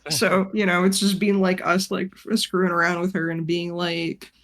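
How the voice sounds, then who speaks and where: A woman's voice: lowish voice, little pitch movement, moderate pace. A woman teacher chatting casually on a game stream, telling a rambling story, swearing freely and laughing often. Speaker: art teacher and tabletop game player.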